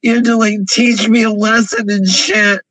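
A man's voice: high-pitched, level tone, normal speed, a bit bright, no room sound, low-quality recording. A man crying through an emotional confessional vlog, pleading and repeating himself over and over from his parked car. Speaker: vlogger.

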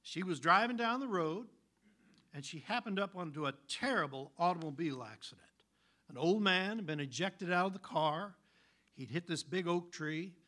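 A man preaching a sermon, telling stories in an animated, folksy way. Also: on the high side. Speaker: pastor.

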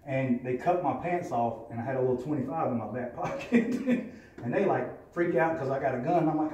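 A man tells his story at a recovery meeting, blunt and profane. His voice is dark and mellow, caught from a distance in a very echoey room with a faint murmur behind. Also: mid-range voice, fairly quick, a little hiss or hum. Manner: candid, profane, plainspoken storytelling. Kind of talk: personal testimony.

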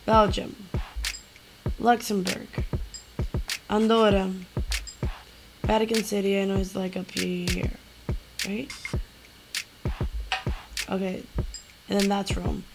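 Slow, gravelly young woman muttering through a quiz. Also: mid-range voice, little pitch movement, rough recording. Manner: muttering to herself while clicking, laughing at mistakes. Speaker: YouTuber. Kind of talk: casual quiz-playing chat. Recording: music playing underneath.

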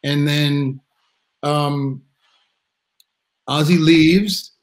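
A man's voice: on the high side, fairly even intonation, extremely slow, rough recording. A middle-aged man telling a story in a casual live video chat, rambling with restarts and acting out quotes. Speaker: drummer guest. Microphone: video call.

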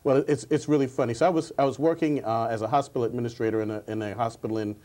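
A man's voice: mid-range voice, steady tone, rapid-fire, warm tone. A man who coaches public speaking, a guest on a TV talk show, telling stories earnestly and often repeating his words. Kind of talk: interview answers.

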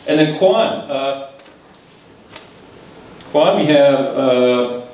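A man's voice: medium pitch, expressive, very slow, a little mellow, lo-fi sound. Patient man teaching in an echoey hall. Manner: patient and teacherly, explains phrases and leads the room in repeating words. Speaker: language evaluator at a speaking club. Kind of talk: live spoken feedback to club members. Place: large echoey meeting room. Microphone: distant room mic. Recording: very echoey room, distant mic.

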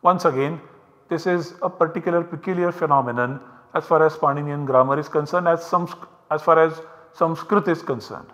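Male lecturer, bright and fairly high voice, explains step by step. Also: a little fast. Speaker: university lecturer. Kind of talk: recorded academic lecture. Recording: long hall reverb.

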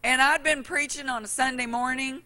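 Woman preacher, fairly high bright voice, animated sermon storytelling to a congregation. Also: moderate pace.

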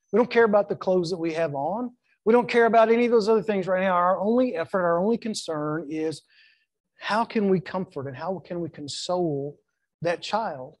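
Middle-aged male pastor, high-pitched, emphatic sermon delivery, dry close mic. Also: a little mellow, dry recording. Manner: emphatic preaching with acted-out quotes and repetitions. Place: church sanctuary.

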